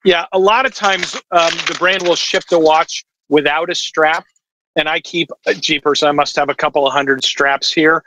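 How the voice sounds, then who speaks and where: A man's voice: fairly high pitch, steady tone, moderate pace, pushed and bright, low-quality recording. A man talking as a podcast guest over a video call, explaining at length with lots of fillers. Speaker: watch distributor guest. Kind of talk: casual podcast chat.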